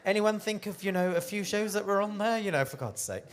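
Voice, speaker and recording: A British man hosting a live cabaret night, with camp, teasing, quick-witted banter. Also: sits high. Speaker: host. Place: club stage with live band.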